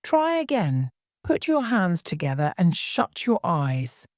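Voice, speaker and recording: A woman voicing a fussy, scatterbrained old queen who talks in a high, fluttery way and breaks into wailing cries. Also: big pitch swings, slow, darkish tone, dry recording, clean studio sound.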